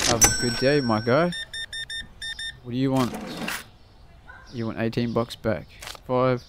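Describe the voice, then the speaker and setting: A man chats his way through a game, cursing freely and muttering sums under his breath as he counts change. His voice sits at an ordinary middle pitch. The recording carries clear background noise. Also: flat delivery, measured pace, pauses often. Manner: swears constantly, mutters prices while counting change. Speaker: gaming channel host. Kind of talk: casual gameplay commentary.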